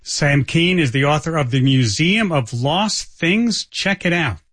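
A man's voice: a little high, animated, unhurried, a bit bright, slightly rough, no echo, studio quality. A male radio host cheerfully thanking and wrapping up with his guest. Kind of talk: radio interview sign-off.

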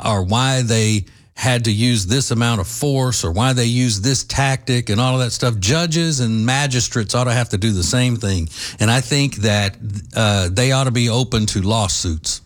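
A man hosting an opinion commentary monologue, forceful in his views yet halting, with many fillers and some dry sarcasm. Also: mid-range voice. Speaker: host.

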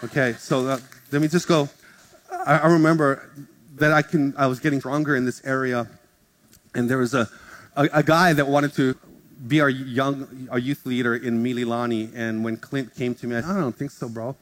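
A man's voice: mid-range voice, moderate pace, a little hiss or hum. A pastor telling a story, acting out voices as he goes. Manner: animated, acts out voices in anecdotes. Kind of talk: storytelling sermon. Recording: background music under the preaching.

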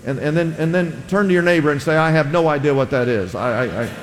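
Man, slightly high voice, pastor giving a chatty sermon, has the congregation repeat after him; reverberant church. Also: fast talker. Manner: conversational, asks the congregation to repeat words. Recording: long hall reverb.

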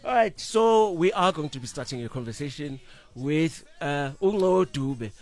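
A middle-aged man, co-hosting a morning radio show in easy, animated chat from a studio. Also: fairly high pitch, normal speed. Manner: animated, laughs easily, restarts and fillers. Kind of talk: casual breakfast radio chat.

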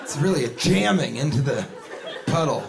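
A man performing a stand-up comedy set, telling stories in an animated way with put-on voices and sudden yells. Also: a little high, normal speed, creaky. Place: comedy club stage with a laughing audience. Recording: live club recording with crowd noise. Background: audience laughter.

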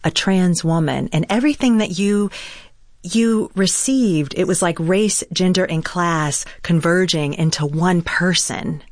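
Interviewer, mid-pitched, measured and thoughtful, dry close sound. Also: dry recording. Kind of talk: interview questions.

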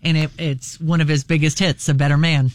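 A man's voice: on the high side, level tone, fairly quick, dry recording, clean studio sound. A man co-hosting a radio show, upbeat and agreeable. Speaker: radio co-host. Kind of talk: casual radio chat.

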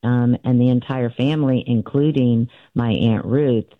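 A woman's voice: a bass voice, steady tone, a little slow, dry recording. A woman in her sixties, an author guest, telling her family story in a conversational way, with many fillers and restarts as she recounts events. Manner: recounts events with frequent fillers and restarts, acting out quoted voices. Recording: tinny phone-line sound.

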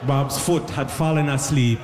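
A man doing an animated stand-up comedy set at a live show. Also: mid-range voice, measured pace, background noise. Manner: animated, conversational, frequent "you know what I mean". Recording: long hall reverb.

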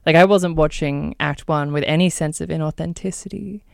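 Podcast co-host, gravelly mid-pitched voice, dry close mic, hesitant and thoughtful. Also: steady tone, brisk, no room sound. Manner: thoughtful, hesitant, pushes back politely. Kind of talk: casual review chat.

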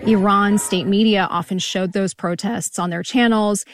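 A woman reporter speaking as a correspondent in a radio news interview, recounting events in a measured, calm way. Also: mid-range voice, crowd noise.

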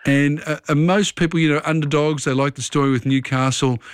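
A man hosting a radio quiz, reading questions briskly with quick asides. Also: on the high side, steady tone, clear, resonant tone, dry recording, clean studio sound. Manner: brisk, friendly quizmaster, quick asides and fillers. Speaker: radio host. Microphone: studio microphone.

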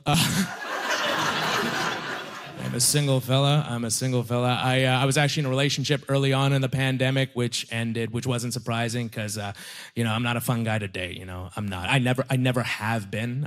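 A man's voice: medium pitch, fairly even intonation, fairly quick. A young man performing a stand-up comedy set, conversational and self-deprecating, with punchy delivery. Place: comedy club stage before a laughing audience.

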